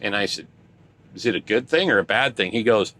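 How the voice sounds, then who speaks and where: A man's voice: on the low side, animated, a little fast, fairly bright tone. An older man, a truck driver, telling a story in casual chat, rambling and chatty with restarts.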